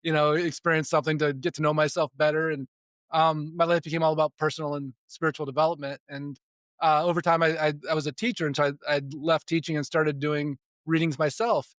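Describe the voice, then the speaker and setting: Man, forties, podcast guest, slightly high voice, casual storytelling, restarts and repeats words, chuckles, dry close sound. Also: level tone, brisk, fairly bright tone, no room sound. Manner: chuckles between sentences. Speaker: podcast guest, spiritual development coach.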